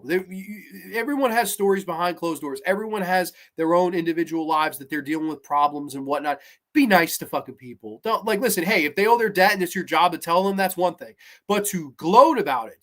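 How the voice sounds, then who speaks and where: A man hosting a podcast, talking through a horror episode in a casual, animated way, with lots of restarts and blunt asides. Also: on the high side. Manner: animated and chatty, many restarts, asks "right?". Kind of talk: casual spoken review.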